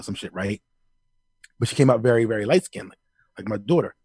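A middle-aged man co-hosting a casual podcast, telling profane stories in an animated way. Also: lowish voice, a little fast, husky, no echo. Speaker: podcast co-host. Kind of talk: casual chat.

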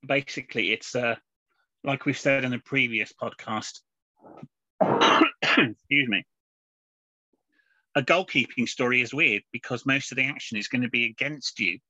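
Rambling chatty podcast man, bright voice. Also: medium pitch, measured pace, long pauses, no echo. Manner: rambling, chatty, many fillers and restarts. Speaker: podcast co-host. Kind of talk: casual chat reviewing comics. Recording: dull lo-fi podcast audio.

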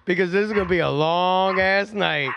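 A man's voice: high voice, normal speed, gravelly, highs cut off, noisy background. A man hosting a podcast in casual chat at home, rowdy and joking, swearing and laughing a lot. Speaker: podcast host.

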